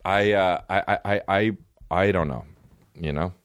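A man with a very low, deep voice hosts a comedy podcast, rambling from one bit to the next. He swears freely and slips into quick impressions. The sound is dry and close, with no room around it. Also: no room sound. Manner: profane, riffing, jumps between bits and impressions.

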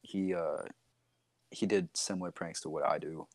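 A man's voice: deep voice, steady tone, normal speed, darkish tone, no echo. A young American man, a podcast guest, telling stories in a laid-back casual chat. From United States.

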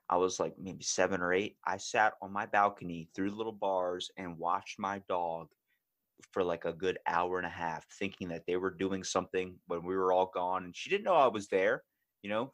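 A man hosting a casual podcast, talking in a loose and animated way. He swears freely and slips into put-on voices to act out his stories. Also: low voice, normal speed. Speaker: podcast host.

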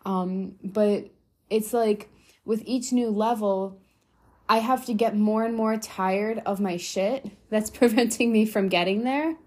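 A woman's voice: medium pitch, fairly even intonation, slow, darkish tone. A young adult woman hosting a motivational solo podcast, talking bluntly and swearing freely for emphasis. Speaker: podcast host.

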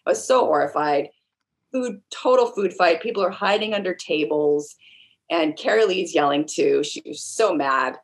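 Woman, lowish voice, animated storytelling, acts out quotes. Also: normal speed. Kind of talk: casual storytelling chat.

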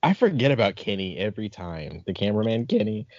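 A man hosting a casual podcast chat, animated and laughing often. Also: on the low side, fast talker, a crowd in the background. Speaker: podcast host. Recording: dull lo-fi recording.

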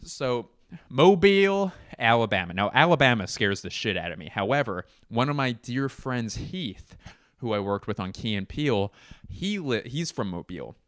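A man's voice: on the low side, expressive, normal speed, a bit bright, no echo, clean studio sound. A man in his thirties hosting a podcast, telling stories in a rambling, profane, jokey way. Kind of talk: casual comedic monologue.

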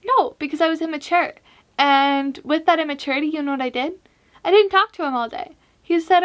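A young woman hosting a casual faith-based vlog, giving earnest advice with self-mocking asides and animated emphasis. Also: high voice, measured pace. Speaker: vlog host.

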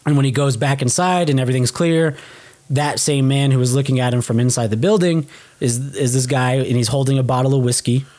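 A young man chatting casually as a podcast co-host, recapping a movie with lively energy. His voice sits at an ordinary middle pitch. He swears offhand and jumps into the characters' lines as he tells the story. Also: brisk. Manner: animated retelling, swears casually, acts out quoted lines. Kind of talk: casual film recap chat.

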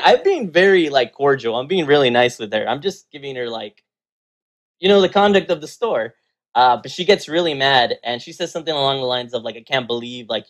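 A man, co-owner of a game store, telling a story in casual chat, animated and full of fillers, acting out what people said. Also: medium pitch. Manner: animated storyteller, acts out quotes, many fillers.

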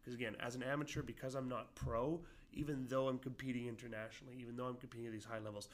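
Man, medium pitch, casual interview, rambling, many fillers. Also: steady tone, rapid-fire. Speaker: amateur boxer guest.

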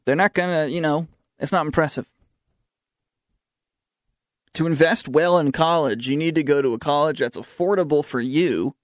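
Young opinionated talk host, dry studio. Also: male voice, a little high, normal speed, pauses often, no room sound. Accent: Southern American. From southern United States. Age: young adult. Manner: sarcastic, opinionated, reads news aloud. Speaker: student talk show host. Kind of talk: opinionated talk radio monologue.

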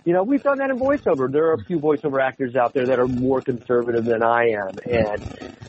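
Animated man chatting on a podcast. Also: mid-range voice, fairly quick. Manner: animated, laughs often, many restarts. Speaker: voice actor guest. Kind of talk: casual podcast chat. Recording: slightly dull audio with faint noise.

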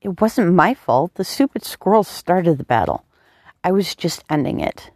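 A woman voicing a tough young former soldier who speaks in a quiet, murmuring, blunt way. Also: fairly low pitch, sing-song, normal speed, dry recording, clean studio sound.

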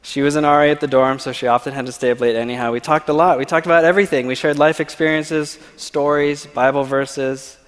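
A man's voice: a little high, steady tone, fairly quick, few pauses, clean tone. A man giving a personal testimony at church, telling his story and often checking in with the audience with "okay?". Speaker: church speaker. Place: church sanctuary. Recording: long reverb of a large hall.

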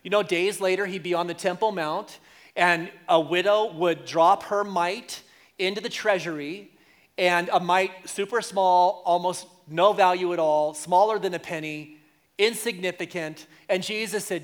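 Male pastor, high-pitched, casual animated sermon delivery with acted-out quotes. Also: measured pace. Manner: conversational, animated, acts out quotes of congregants.

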